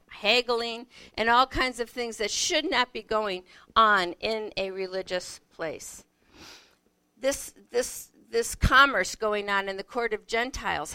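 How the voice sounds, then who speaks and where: A woman giving a reflective Bible teaching, unhurried and searching, often asking the listener questions. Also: on the high side, creaky, bright, forceful tone, dry recording.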